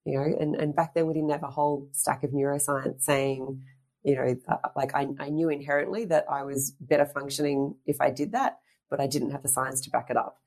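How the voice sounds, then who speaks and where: Deep-voiced chatty woman storyteller. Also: level tone, a little fast, darkish tone. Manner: chatty, rambling storyteller with frequent fillers and restarts. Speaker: guest, fitness instructor and presenter. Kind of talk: casual interview chat.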